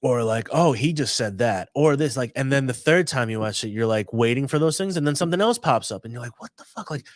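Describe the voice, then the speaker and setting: A young adult man co-hosting a casual podcast chat, rambling and animated as he retells scenes. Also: medium pitch, fast talker, few pauses, dry recording. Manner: rambling, animated retelling with loud acted-out quotes. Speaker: podcast co-host.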